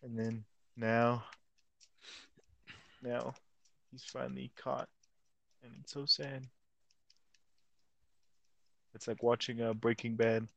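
A man's voice: mid-range voice, level tone, takes it slowly, creaky, pauses often, no echo, highs cut off. A young man co-hosting a casual podcast chat, rambling in slang, stumbling over words and acting out quotes. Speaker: podcast co-host.

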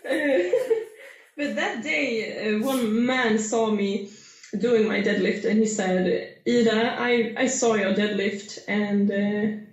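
A woman's voice: medium pitch, slow pace. A young Swedish woman with a Swedish accent, a powerlifter being interviewed, speaking hesitantly with many fillers and frequent laughter. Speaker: guest powerlifter. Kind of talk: casual interview. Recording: echoey room.

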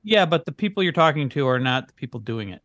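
Deadpan man, dry close sound. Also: a little high, fast talker, no room sound. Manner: deadpan, bemused straight man. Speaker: podcast co-host. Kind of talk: casual comedic banter.

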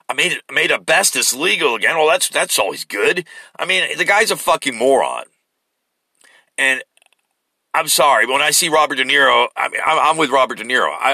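A man's voice: medium pitch, pushed and bright, no echo. Profane, angry man ranting. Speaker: political commentator. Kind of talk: ranting monologue.

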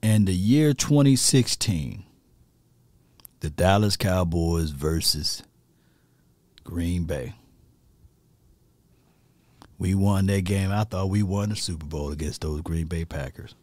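A man's voice: low-pitched, takes it slowly, long pauses, a little mellow, dry recording. A man ranting animatedly about football as a fan commentator, laughing at himself.

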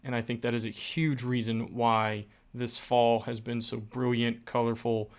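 A man's voice: medium pitch, flat delivery, measured pace. A man from West Virginia co-hosting a podcast, upbeat and urging, repeating phrases for emphasis. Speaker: podcast co-host. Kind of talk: casual podcast chat.

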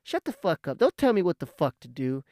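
A man's voice: fairly high pitch, very animated, brisk, a little mellow, no room sound, studio quality. A man acting out his angry younger brother, who is profane and scolding. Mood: dismissive.

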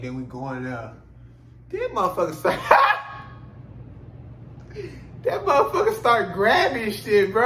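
Animated profane man in echoey room. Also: high voice, a little hiss or hum. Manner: animated and profane, many filler phrases, laughs while telling. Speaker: podcast host. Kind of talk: casual storytelling monologue.

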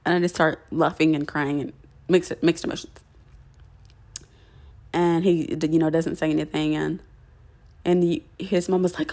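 A young woman talks straight to her listeners, recounting her own story. Her voice sits a little low for a woman. She rambles warmly, full of fillers and false starts. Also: fairly even intonation, measured pace. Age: young adult. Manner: chatty, many fillers and restarts. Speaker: podcast host.

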